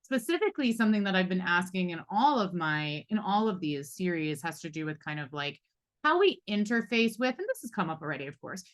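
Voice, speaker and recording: Animated and brisk, with a fairly low pitch, a woman in her forties moderates a live panel. Even so, she talks reflectively, with frequent fillers and asides.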